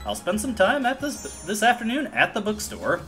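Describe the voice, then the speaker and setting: An American man doing casual video game commentary. He explains mechanics with wry asides, in a bright voice that rises and falls a lot. Faint music plays behind him. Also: sits high, wildly swooping pitch, normal speed. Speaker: let's play host.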